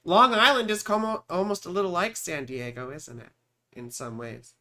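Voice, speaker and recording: Chatty high-voiced man in his forties. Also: moderate pace, pushed and bright. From California. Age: 40s. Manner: rambling, chatty, talks to viewers by name, mutters while searching. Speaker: astrologer hosting live chart readings. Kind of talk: casual live-stream chat.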